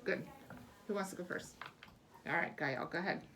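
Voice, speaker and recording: A woman's voice: on the low side, normal speed, fairly bright tone, slight background noise. A woman reading teacher leading a small-group lesson, encouraging and lavish with praise, asking patient questions and explaining step by step.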